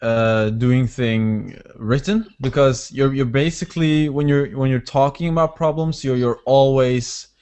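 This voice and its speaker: A man's voice: medium pitch, darkish tone. A man hosting a casual interview who asks questions and laughs easily. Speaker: host.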